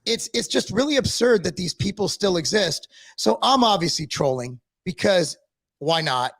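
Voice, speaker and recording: A man's voice: high voice, lively intonation, normal speed, fairly bright tone. A man from Tennessee co-hosting a live-stream talk show, ranting in a sarcastic, mocking way. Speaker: podcast co-host.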